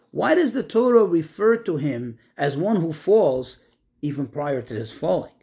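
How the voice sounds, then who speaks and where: A man giving a Torah class on the weekly portion, asking rhetorical questions and slowing down to stress Hebrew terms. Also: fairly high pitch, a little mellow. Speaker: Torah teacher.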